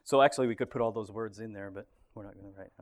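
Man, Bible study leader, relaxed, chuckling, casual group talk. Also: lowish voice, very fast. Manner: relaxed, chuckles often, thinks aloud.

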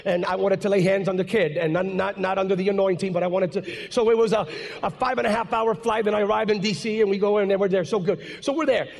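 A male pastor preaching a sermon, telling a story that builds into fervent, shouted preaching. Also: sits high, fairly even intonation, fast talker, gravelly. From United States. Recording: long reverb of a large hall.

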